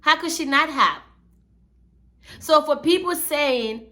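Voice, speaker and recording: A woman's voice: sits high, takes it slowly, pauses often, bright, forceful tone. A woman hosting a commentary channel, talking in a chatty, slangy storytelling way. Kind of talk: casual commentary.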